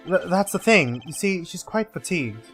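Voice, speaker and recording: Guy doing a stuttery flustered prosecutor from a game, lively voice. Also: high voice, moderate pace, faint music behind. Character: flustered middle-aged male prosecutor.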